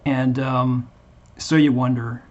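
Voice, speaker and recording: A man talking earnestly to his viewers as a Christian channel host, in a halting way with frequent restarts. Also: medium pitch, little pitch movement, lo-fi sound. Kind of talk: earnest casual monologue to viewers.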